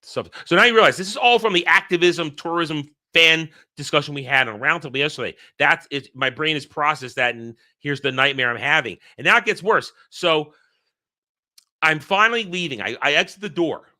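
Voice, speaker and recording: A man with a fairly high, very bright and tense voice tells a long dream story on his channel. He rambles and restarts himself often as he gets heated, in a casual solo monologue. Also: lively intonation, fairly quick. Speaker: channel host.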